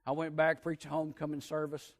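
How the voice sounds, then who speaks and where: A man preaching a sermon as pastor, telling folksy stories and swinging between loud emphatic peaks and hushed asides. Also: a little high, monotone, fast talker.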